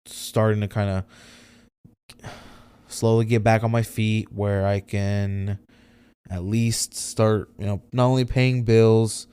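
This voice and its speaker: A young man hosting a solo podcast, speaking candidly in a halting, emotional way, near tears and swearing often. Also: fairly low pitch, flat delivery, dark tone, smooth. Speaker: podcast host.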